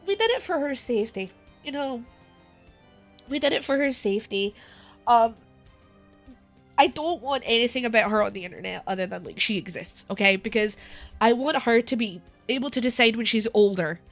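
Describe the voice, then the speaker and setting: A woman's voice: on the high side, lively intonation, a little fast, long pauses, faint music behind. A young British woman streaming live, with a sore throat, talking candidly and emotionally, near tears and laughing between sentences. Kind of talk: casual live-stream chat.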